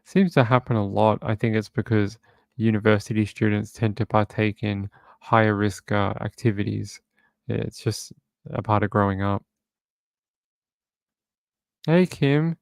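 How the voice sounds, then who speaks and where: A man with a low, gravelly voice hosts a true crime livestream from home. He chats casually and reads viewer comments aloud, and the sound is close and dry. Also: flat delivery, moderate pace, dry recording.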